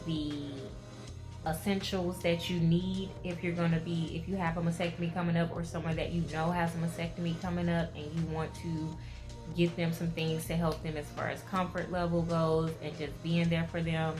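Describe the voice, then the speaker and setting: A woman in her twenties gives a personal vlog update, talking straight to her viewers in an emotional, expressive way. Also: fairly low pitch, moderate pace, over music. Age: 20s. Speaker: vlogger.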